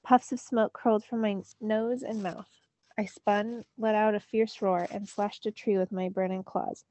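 A woman's voice: mid-range voice, little pitch movement, measured pace, mellow, no room sound. A teacher reading a novel aloud to her students, narrating expressively in the first person. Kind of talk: storybook read-aloud.

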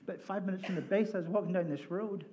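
A male pastor with a fairly high voice preaches a lively sermon. He tells stories with humor and slips into voices for the people in them. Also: quick pace, slight background noise. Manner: animated, jokey, acts out voices in his stories. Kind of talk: sermon with storytelling. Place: church sanctuary.

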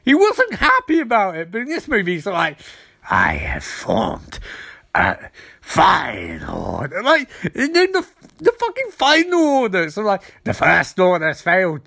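A man's voice: very high voice, moderate pace, no room sound, studio quality. A man giving a profane, ranting movie review, poking fun at the film with mocking little voices for its characters. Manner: animated, sweary, mocking voices for quoted characters.

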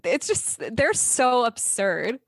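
A woman co-hosting a casual podcast chat, expressive and lively, with frequent swearing and fillers. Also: on the high side, slow pace, gravelly, no echo.

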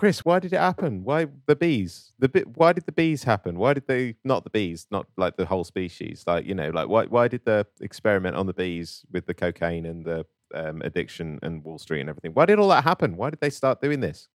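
A man's voice: sits low, expressive, fairly quick, few pauses, dry recording, studio quality. A man co-hosting a comedic podcast chat, asking rambling, incredulous questions and laughing often.

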